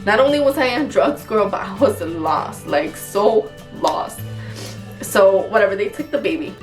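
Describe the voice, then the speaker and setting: A woman's voice: medium pitch, expressive, moderate pace, recorded from a distance, soft background music. Young woman telling a personal story. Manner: casual, filler-heavy, frank with swearing. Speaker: vlogger.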